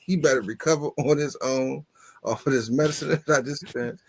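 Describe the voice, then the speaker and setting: A man on a casual talk show, telling a story in an animated, exasperated way and swearing often. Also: mid-range voice, brisk, creaky, slight background noise. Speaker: podcast co-host.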